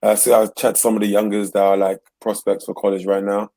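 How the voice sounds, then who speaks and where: A young British man with a low, gravelly voice talks easily as a guest over a video call. He sounds laid-back and chatty, with a joking edge, and the sound is dry and close, with no room around it. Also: monotone, fast talker, warm tone, no echo. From Britain. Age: young adult. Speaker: guest, college football player. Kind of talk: casual video-call interview.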